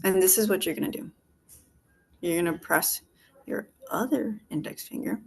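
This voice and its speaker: Calm woman guiding face yoga. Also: on the low side, moderate pace, vocal fry. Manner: calm instructive cues, counting and breathing prompts. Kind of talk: guided face yoga class. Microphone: video call. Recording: video call audio with faint background noise.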